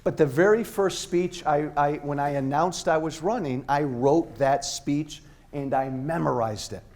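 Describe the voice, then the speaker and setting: A man's voice: fairly high pitch, measured pace, a little mellow. A middle-aged man giving a blunt, impassioned, off-the-cuff speech to college students in a university hall, talking straight to the crowd. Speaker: political speaker.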